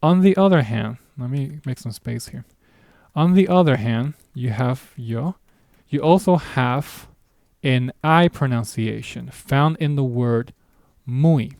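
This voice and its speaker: A man's voice: mid-range voice, measured pace, creaky, a little mellow, no echo, clean studio sound. A man teaching a beginner language lesson, explaining patiently in a casual way with small asides. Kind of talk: recorded online lesson.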